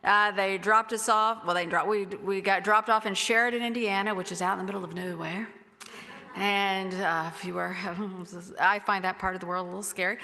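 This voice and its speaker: A middle-aged woman pastor delivers a chatty, exuberant sermon in a bright, forceful voice. Her words ring out in a reverberant church hall. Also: mid-range voice, fairly even intonation, moderate pace. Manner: exuberant, chatty, whoops and laughs often. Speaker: guest pastor. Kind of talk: lively conversational sermon. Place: church sanctuary.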